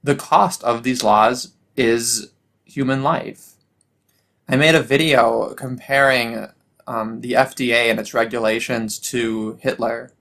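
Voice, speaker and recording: Young adult man, mid pitch, solo rant host; sarcastic, stumbling restarts. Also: steady tone, slow pace, creaky, a bit bright. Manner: ranting, sarcastic, frequent restarts. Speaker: political commentary host. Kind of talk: solo political commentary.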